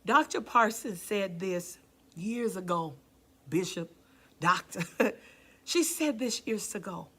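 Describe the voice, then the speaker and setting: Woman pastor, sermon, impassioned, calls out to the congregation, drops to near-whispers, bright tone. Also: medium pitch, animated, slow, long pauses, breathy edge.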